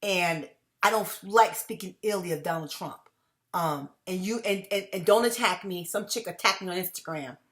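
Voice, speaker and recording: A woman's voice: lowish voice, moderate pace, a bit bright. A middle-aged woman hosting her own commentary channel, talking to viewers in an emphatic way that repeats phrases and breaks into laughs between points.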